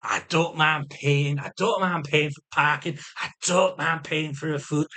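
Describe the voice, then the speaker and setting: A man's voice: a little high, steady tone, measured pace, few pauses, sharp tone. A man in a casual video diary, rambling emotionally, swearing heavily and stammering through restarts. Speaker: vlogger.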